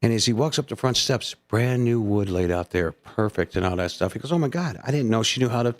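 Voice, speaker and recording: A man co-hosting a morning radio show, talking into a studio microphone. He rambles through long stories and jokes, acting out the voices and laughing easily. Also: mid-range voice. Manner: rambling storyteller, laughs often, acts out voices. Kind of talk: casual on-air banter and joke telling.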